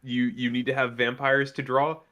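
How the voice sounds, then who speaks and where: A man co-hosting a casual live stream, giving quick, blunt opinions with lots of "like" filler. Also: medium pitch, level tone, bright, forceful tone, highs cut off. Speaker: co-host on a livestream.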